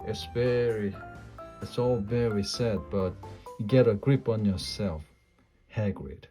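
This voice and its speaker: A man reading a storybook and voicing a stern older woman teacher who scolds in a hushed voice. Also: lowish voice, slow pace, soft background music. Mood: scolding.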